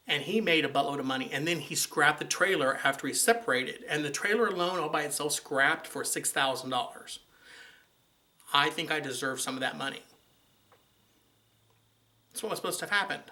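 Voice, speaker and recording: A male vlogger with a slightly high, pushed and bright voice tells an exasperated, sarcastic story about running into his ex. It's casual, chatty storytelling to camera.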